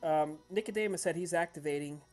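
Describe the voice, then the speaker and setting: A man narrating as game master of a tabletop role-playing game, shouting out villagers' lines now and then. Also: on the high side, brisk, faint music behind. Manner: relaxed, breaks into loud shouted voices for villagers.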